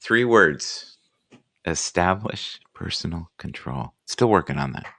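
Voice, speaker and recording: A man hosting a casual live morning chat, musing and self-deprecating, reading out sayings slowly. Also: sits low, lively intonation, gravelly, pushed and bright, no echo.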